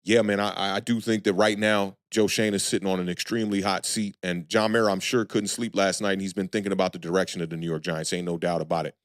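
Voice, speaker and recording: Low-voiced man hosting a sports livestream. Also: level tone, quick pace, few pauses, dry recording, clean studio sound. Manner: conversational, loose and frank, shouts out viewers. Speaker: sports channel host. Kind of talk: live-stream sports talk reading chat.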